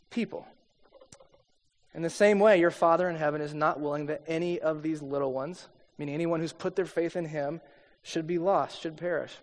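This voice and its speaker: A middle-aged pastor with a high voice preaches in a casual, storytelling way, full of little asides. His voice carries with a long reverb tail from a large hall. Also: fairly bright tone. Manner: conversational storyteller, many asides. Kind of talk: sermon with personal story.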